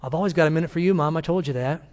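A man's voice: fairly high pitch, racing, darkish tone, lightly acted. A man doing a cheerful teenage son.

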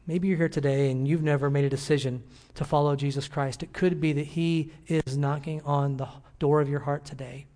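A pastor closing a church service with a Bible verse and a gentle, earnest prayer to the congregation. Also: male voice, fairly high pitch, steady tone, a little fast, few pauses.

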